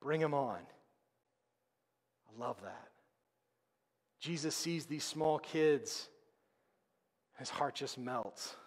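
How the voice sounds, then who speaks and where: A man preaching a sermon as pastor, conversational and emphatic, with dramatic pauses. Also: mid-range voice. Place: church sanctuary. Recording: long reverb of a church hall.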